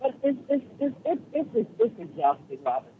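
A man with a high voice calls in to a radio talk show and tells his story with animated indignation and quick retorts. His voice comes through a thin, tinny phone line, with a faint hiss underneath. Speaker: radio call-in caller. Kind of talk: casual storytelling on a call-in show.

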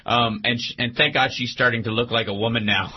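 A man's voice: medium pitch, steady tone, fairly quick, slightly rough. A man co-hosting a radio talk show, joking and riffing in casual banter. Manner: joking, does silly voices. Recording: slightly dull radio broadcast audio.

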